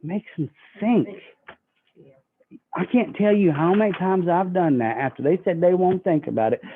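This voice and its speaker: A man's voice: high-pitched, slight background noise. Man coaching sales, tinny audio. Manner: folksy, acts out customer dialogue. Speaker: sales trainer. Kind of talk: sales training talk with role-played pitches.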